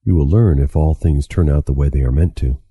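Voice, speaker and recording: A man voicing a stern, menacing male elf leader who gives slow commands. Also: rumbling low, mellow, breathy edge, no room sound, clean studio sound, heavily acted.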